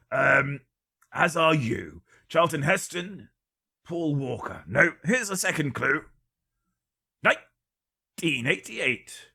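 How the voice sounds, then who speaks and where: A man with a gravelly, slightly husky voice runs a casual live-stream quiz. His tone is bright and forward, and his joking stays dry and deadpan as he rattles off one guess after another. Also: mid-range voice. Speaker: livestream quiz host.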